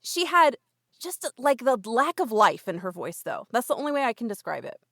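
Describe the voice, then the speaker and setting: A woman's voice: a little high, big pitch swings, moderate pace, fairly bright tone, no room sound, clean studio sound. Chatty young woman podcast co-host. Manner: chatty, laughs often, frequent "like" and "um". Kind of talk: casual chat.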